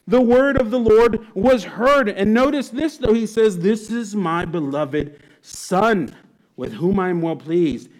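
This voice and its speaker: A man preaching a sermon as pastor, enthusiastic and animated, reading scripture aloud and then expounding on it. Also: high voice, takes it slowly.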